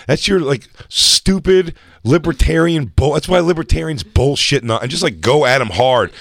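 A man's voice: fairly high pitch, expressive, normal speed, vocal fry, few pauses, dry recording, clean studio sound. A man co-hosting a comedy chat show, telling stories animatedly, acting out his friends' voices and swearing freely. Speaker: podcast co-host.

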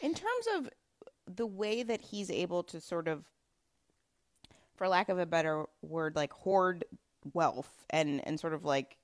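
A woman's voice: on the low side, animated, a little slow, no echo. A woman host asking interview questions in a searching, casual way with many fillers. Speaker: podcast host.

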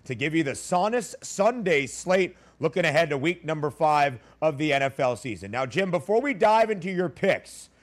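A man's voice: on the high side, very animated, normal speed, hardly any pauses. Upbeat sports radio host man. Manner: upbeat and jokey.

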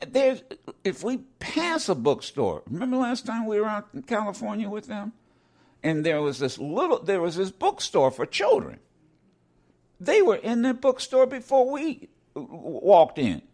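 An older man giving casual commentary from his home studio. His voice sits somewhat high and moves with a lot of lively swing. He restarts his sentences often as his thoughts outrun his words. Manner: animated, restarts often, quickens when excited. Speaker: radio show co-host.

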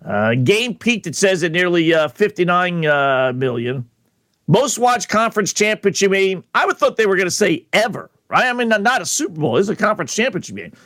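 A man's voice: sits high, big pitch swings, brisk, fairly bright tone, no echo, clean studio sound. A man hosting a sports radio show, talking bluntly and emphatically, with lots of fillers and repeated words. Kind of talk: opinionated radio talk.

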